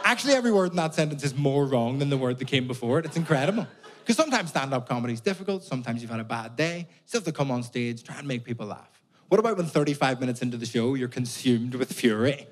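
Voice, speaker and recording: A young man with a Belfast accent doing stand-up comedy, animated, sweary and exasperated, on a stage mic. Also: medium pitch, fast talker, crowd noise. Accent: Northern Irish, Belfast. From Northern Ireland. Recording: live audience laughter in a venue. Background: audience laughing.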